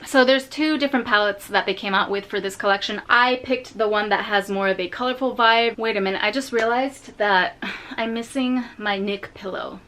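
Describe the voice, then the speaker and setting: A woman chatting casually through a makeup review vlog from her home, rambling into asides, leaning on fillers, and jumping up in pitch when she stresses a point. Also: moderate pace, fairly bright tone. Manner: jumps up in pitch on emphasis. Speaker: beauty vlogger. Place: home in Japan.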